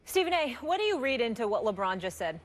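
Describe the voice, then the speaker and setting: A woman hosting and moderating a sports debate show, brisk as she reads segment introductions and steers the talk. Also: on the high side, big pitch swings.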